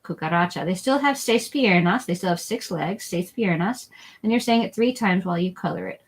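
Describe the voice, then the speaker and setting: A woman teaching a live online lesson for families, chatty, repeating each word slowly for learners. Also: fairly low pitch, husky, poor audio. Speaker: Spanish teacher. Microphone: document camera setup, desk mic.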